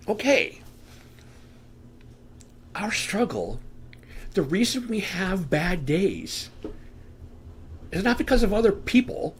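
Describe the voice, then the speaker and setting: A man's voice: high-pitched, very animated, slow, pauses often, a little hiss or hum. A man giving an earnest, conversational Bible teaching from a room at home, asking rhetorical questions into a desk microphone. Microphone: desk microphone on camera.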